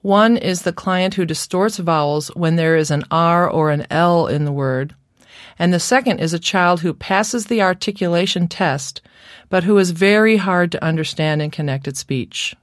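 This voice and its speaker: A woman's voice: lowish voice, no echo, studio quality. A woman lecturing on speech therapy in a careful, scripted instructional narration. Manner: slow, careful, demonstrates sounds.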